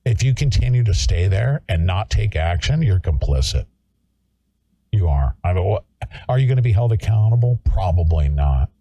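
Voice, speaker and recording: A man's voice: deep voice, sing-song, moderate pace, mellow, breathy edge, dry recording. A male talk show host ranting in an angry, confrontational way and hectoring his listeners. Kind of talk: political talk show rant.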